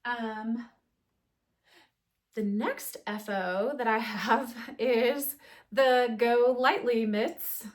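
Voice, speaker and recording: A woman's voice: fairly high pitch, steady tone, drawn-out words, pauses often. A woman hosting her knitting podcast, chatting casually through a show-and-tell with frequent ums and restarts. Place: home knitting corner.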